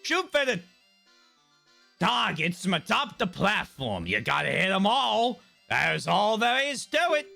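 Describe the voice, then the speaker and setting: Here is a brash, breezy shooting gallery keeper with an exaggerated British accent, as a man puts him on. He talks high, clipped and lively, and calls everyone mate. Game music plays clearly behind him. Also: measured pace, exaggerated voice. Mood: boastful. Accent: put-on British.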